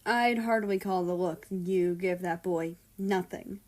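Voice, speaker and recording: A woman's voice: lowish voice, fairly even intonation, measured pace, close to an everyday voice. A woman voicing a middle-aged man who is an affectionate, teasing husband.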